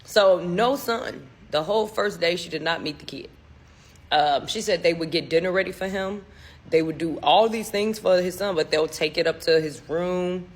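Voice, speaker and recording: A husky, slightly breathy voice tells a spooky story as casual storytime. The talk rambles, is full of "like" fillers and keeps slipping into voices for the people in it. The pitch sits in an ordinary middle range. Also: moderate pace. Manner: slips into voices for the people quoted.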